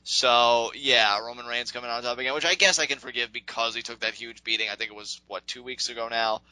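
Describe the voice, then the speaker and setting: A man co-hosting a casual wrestling recap podcast, talking in an animated, rambling way and laughing often. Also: mid-range voice, brisk, no echo, low-quality recording. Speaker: podcast co-host.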